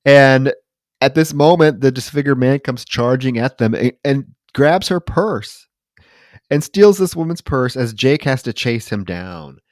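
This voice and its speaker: A man's voice: medium pitch, animated, unhurried, no echo, studio quality. A man co-hosting a podcast, recapping a film plot with wry mock outrage in casual chat. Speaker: podcast co-host.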